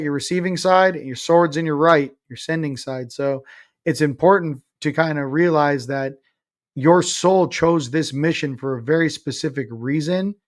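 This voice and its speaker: A man in his forties speaks as an interview guest with a voice pitched a little above most men. He talks bluntly and emphatically, drops casual swear words and pokes fun at himself with a sarcastic streak. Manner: sarcastic, self-mocking. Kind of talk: casual spiritual interview talk.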